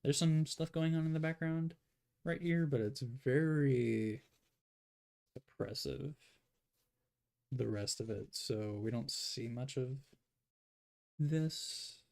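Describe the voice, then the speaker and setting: A man's voice: medium pitch, slow, vocal fry, long pauses, a little mellow. A man talking to himself in a rambling way as he draws, giving casual commentary. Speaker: artist.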